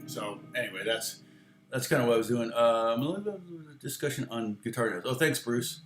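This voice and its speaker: An American man talks through a relaxed guitar lesson from his home studio. He rambles and stops often to answer viewers' comments. The room sounds echoey, with some guitar in the background. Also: mid-range voice, brisk. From United States. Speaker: guitar teacher. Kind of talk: casual livestream guitar lesson.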